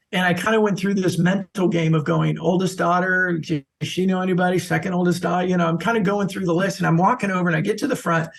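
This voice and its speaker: High, gravelly-voiced man telling stories. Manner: animated anecdotal storyteller. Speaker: social selling expert guest. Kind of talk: podcast interview storytelling.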